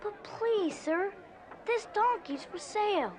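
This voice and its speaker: A woman playing a gentle cartoon boy who pleads softly and earnestly for his donkey. The voice is high and lilting and very slow, with loud music behind. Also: lively intonation, exaggerated voice. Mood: pleading. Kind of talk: animated film voice acting.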